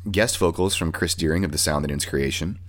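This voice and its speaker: A man's voice: a bass voice, brisk. A man hosting a casual music podcast, swearing freely as he talks about bands. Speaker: podcast host.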